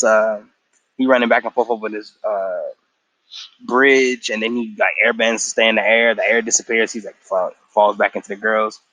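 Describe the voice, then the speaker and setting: Man, tired, mid pitch; loose, profane recap with quick character lines thrown in. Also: a bit bright, poor audio. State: tired after a work shift. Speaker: show recap vlogger. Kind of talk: casual episode recap.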